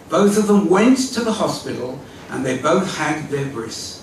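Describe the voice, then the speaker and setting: A man's voice: on the high side, normal speed, hardly any pauses, slight background noise. An older man giving a storytelling talk at a community evening, acting out the people in his story, recorded from a distance in a large hall. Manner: vivid storytelling with acted-out quotes, lively. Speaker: speaker at a community evening, former school leader. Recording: echoey hall from far off.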